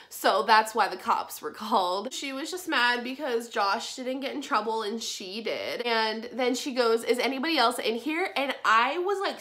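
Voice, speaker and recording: A woman's voice: on the high side, fairly bright tone. A young woman casually telling a personal story on her vlog, frank and full of swearing and "like". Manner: frank, swears a lot, heavy use of "like". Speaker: vlogger.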